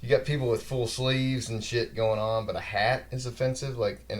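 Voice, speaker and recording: A man's voice: mid-range voice, fairly even intonation, normal speed, hardly any pauses. A man in his forties hosting a podcast, telling rambling work anecdotes in casual chat with some mild swearing. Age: 40s. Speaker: podcast host.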